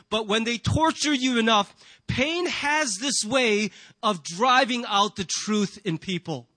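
A man's voice: very high voice, animated, moderate pace, bright, forceful tone, dry recording. A man preaching a sermon to a congregation in a church, earnest and emphatic, often asking rhetorical questions. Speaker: pastor.

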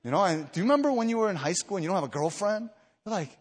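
A man's voice: big pitch swings, quick pace, slightly rough. Earnest preacher man in an echoey hall. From Chicago area, USA. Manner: earnest, emphatic, climbs in pitch and volume when stirred; personal storytelling with many fillers and restarts. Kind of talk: evening retreat sermon. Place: retreat meeting hall.

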